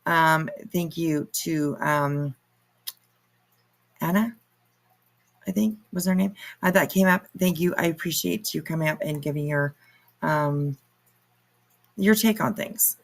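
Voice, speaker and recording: A woman with a fairly low voice talks slowly and unhurriedly, hosting her own reaction channel. She mocks the people in the clips with heavy sarcasm and swears without holding back. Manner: sarcastic, mocking, swears freely. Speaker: commentary channel host. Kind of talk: casual reaction commentary.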